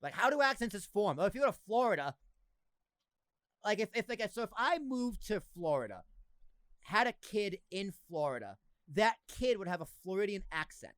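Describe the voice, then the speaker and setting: A young man with a faint Boston accent chats on his podcast, his voice riding high and swinging widely in pitch. The sound is dry and close, with no room around it. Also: moderate pace, clean tone, no room sound. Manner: animated, laughing, jumps between thoughts. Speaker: podcast host. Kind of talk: casual chat.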